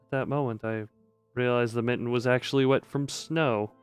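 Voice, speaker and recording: Young guy streamer reading a visual novel, smooth clear voice, cracks dry jokes, soft music behind. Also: mid-range voice, steady tone, moderate pace. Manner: dry, joking commentary between narration. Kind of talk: reading a visual novel aloud with jokey asides.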